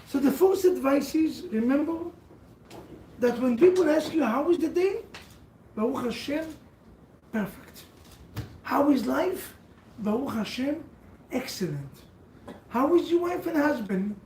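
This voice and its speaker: A man giving a sermon as a rabbi to a seated audience, telling stories in halting, non-standard English. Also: very high voice, expressive, mellow, reverberant, far from the mic, a little hiss or hum, rough recording.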